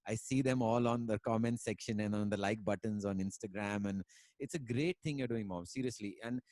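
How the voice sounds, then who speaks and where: A man's voice: lowish voice, brisk, darkish tone, no room sound. A man from India, a musician talking casually on a video call, rambling with many fillers and dropping in Hindi words. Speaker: musician guest. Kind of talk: casual conversation and storytelling.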